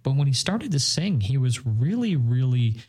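Podcast co-host, a man from Northern Ireland, mid-pitched voice, casual and enthusiastic, rambles with ums. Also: very animated, normal speed, a little mellow, slightly rough. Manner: chatty, enthusiastic, rambling with fillers. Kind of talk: casual chat.

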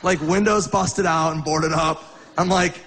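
A man's voice: fairly high pitch, fairly even intonation, measured pace, fairly bright tone, husky. A man doing stand-up, telling a story in a loose, laughing way and acting out voices. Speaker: stand-up comedian.

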